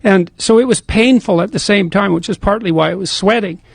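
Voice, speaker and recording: A man's voice: high-pitched, fairly quick, creaky, breathy edge, no room sound. A man co-hosting a podcast, chatting emphatically and tripping over restarts. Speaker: podcast co-host. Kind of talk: casual chat.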